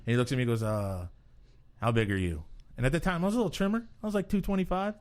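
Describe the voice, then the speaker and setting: A man's voice: high voice, lively intonation, rapid-fire, darkish tone. A man co-hosting a podcast who tells a long funny story in a casual, self-mocking way. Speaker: podcast co-host.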